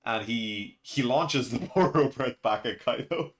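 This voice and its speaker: A man hosting a chapter reaction in a loose, rambling way. He talks at an ordinary middle pitch, gets excited, laughs a lot and leans on plenty of fillers. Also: a little slow. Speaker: manga reaction channel host. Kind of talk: casual reaction and review commentary.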